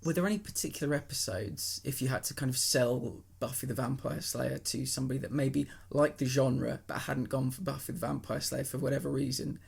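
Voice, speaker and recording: A podcast host asking questions in a relaxed, curious manner. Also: medium pitch, brisk, vocal fry, few pauses, husky. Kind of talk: casual interview chat.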